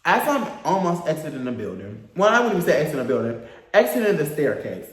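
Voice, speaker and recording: A young man telling a storytime story in a casual, animated, profane and campy way, acting out the other people. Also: fairly high pitch, fast, roomy sound. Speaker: storyteller vlogger.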